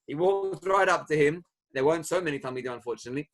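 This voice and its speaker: A middle-aged rabbi delivers a Torah lecture, his voice sitting a little higher than most men's. He explains his sources patiently and moves into storytelling, lifting his tone when he voices the people in the story. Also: fast. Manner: explanatory, retells stories and lifts his voice for quoted speakers. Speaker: rabbi teaching a class.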